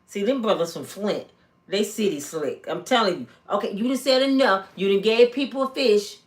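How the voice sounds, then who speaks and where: Animated chatty woman gossip vlogger. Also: moderate pace. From Michigan, USA. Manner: animated, chatty, acts out quotes in high voices. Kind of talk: casual storytelling commentary.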